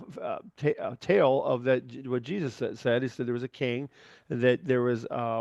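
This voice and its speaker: A man's voice: medium pitch, creaky, darkish tone, no room sound, dull audio. A man hosting a podcast in casual chat, talking in a candid, rambling way with frequent restarts and free swearing. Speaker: podcast host.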